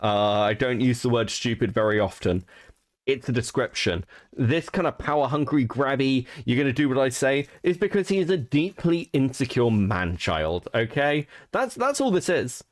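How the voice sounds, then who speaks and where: A man's voice: mid-range voice, big pitch swings, normal speed. A man hosting a commentary stream, blunt and sarcastic, swearing freely. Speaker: stream host.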